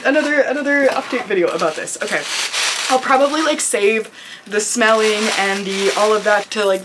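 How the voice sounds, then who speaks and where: High, lively gushing woman vlogger. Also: a little hiss or hum. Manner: gushing and effusive, full of "like" and "oh my gosh". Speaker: vlogger unboxing viewer mail. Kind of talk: casual chat.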